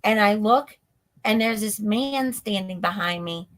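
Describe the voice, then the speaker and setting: A woman's voice: medium pitch, measured pace, fairly bright tone. A woman, a guest on a live stream, telling a story in a breathless run-on way that is full of "like". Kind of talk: storytelling in an interview. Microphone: stream call mic.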